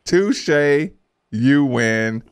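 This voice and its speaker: A man's voice: mid-range voice, extremely slow, smooth. A man hosting a sports radio show, joking with his co-host between ad reads and calls. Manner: lively, laughs often, jokes with co-host.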